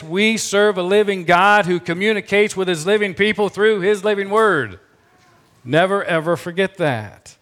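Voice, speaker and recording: A male pastor delivers a sermon with a fairly high-pitched voice. He talks with emphasis and repeats key phrases for effect. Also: fairly bright tone.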